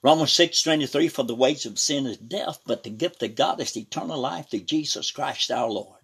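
A man preaching a sermon, reading scripture and breaking in with "praise God" and "hallelujah" as his voice swings between loud and soft. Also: medium pitch, normal speed, vocal fry, slightly rough. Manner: reads scripture aloud with preaching emphasis.

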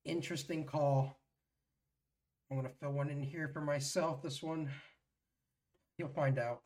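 Podcast host, dry teasing chatter, casual, steady middle pitch. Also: measured pace. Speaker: podcast host leading a word game. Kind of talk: casual chat.

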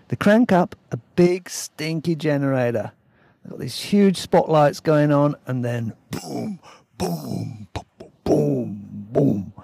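Gravelly man telling a yarn. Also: on the high side, mellow, dry recording. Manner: blunt, swears freely, cheeky. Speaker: storyteller. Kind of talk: casual storytelling narration.

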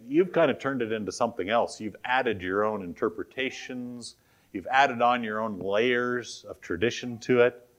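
A man as pastor, preaching an earnest, emphatic sermon and quoting scripture. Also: mid-range voice.

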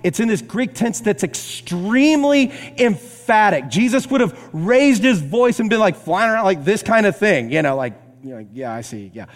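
A man's voice: high-pitched, very animated, moderate pace, hardly any pauses. Emphatic preaching man in a hall. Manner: emphatic, swings between loud and hushed. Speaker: pastor. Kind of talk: sermon.

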